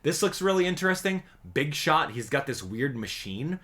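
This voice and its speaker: A gaming YouTuber man giving slangy, excitable commentary on a game trailer, swinging between hype and sarcasm. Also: a little high, normal speed.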